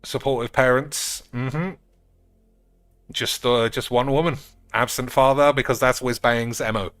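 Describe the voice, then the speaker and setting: A man's voice: medium pitch, fairly even intonation, measured pace, clear, resonant tone, no room sound. Crude sarcastic male card-game streamer. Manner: crude, sarcastic, swears often; bursts into loud outbursts. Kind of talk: casual card game commentary.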